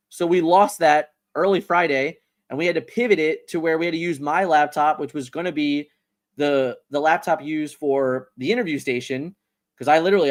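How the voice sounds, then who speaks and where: A man hosting a casual livestream, talking in a rambling, animated way and often repeating words as he restarts. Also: fairly high pitch. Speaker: livestream host.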